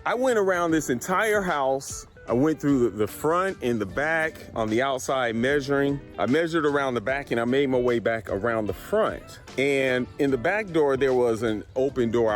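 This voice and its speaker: A middle-aged man from Colorado, an appraiser telling a story to camera in a casual, animated way and laughing along as he goes. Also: mid-range voice. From Colorado, USA. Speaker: real estate appraiser.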